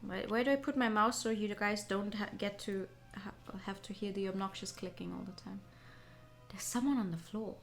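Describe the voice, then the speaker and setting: A woman on a gaming stream, reading a visual novel aloud with excitable, giggly reactions. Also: medium pitch, normal speed, creaky, pauses often. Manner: excitable, giggly, swears casually.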